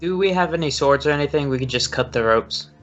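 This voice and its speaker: Dry scheming guy at the game table, kinda high voice, muffled lo-fi sound. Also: fast talker, fairly bright tone, soft background music. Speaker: player. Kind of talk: casual tabletop play. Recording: slightly dull lo-fi recording.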